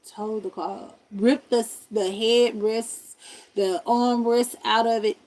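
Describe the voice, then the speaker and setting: Speaking slowly in a slightly high voice, the woman streamer shares a personal story with her viewers, loaded with slang and animated in a laid-back way.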